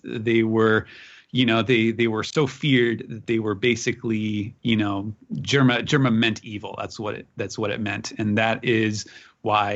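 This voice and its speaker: A man co-hosting a podcast, casually recapping a chapter in a rambling way full of filler words. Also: fairly low pitch. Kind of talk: casual chat. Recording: slightly muffled lo-fi audio.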